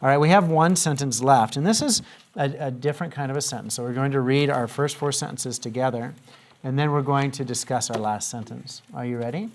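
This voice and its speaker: A man's voice: mid-range voice, a little fast, slight background noise. Patient male teacher quizzing a class. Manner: patient, asks questions and has students repeat. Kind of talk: classroom lesson.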